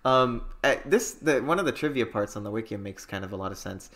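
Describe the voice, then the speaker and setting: Bright-voiced easygoing young man. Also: medium pitch, animated, brisk. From California. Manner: easygoing, laughs often, agreeable. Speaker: podcast co-host. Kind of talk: casual chat.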